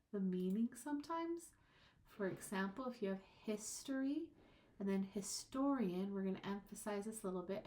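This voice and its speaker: A woman instructor giving a recorded lecture. She explains with patience and says her example words slowly, drawing them out. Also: medium pitch, darkish tone, a little hiss or hum. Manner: slow, drawn-out example words.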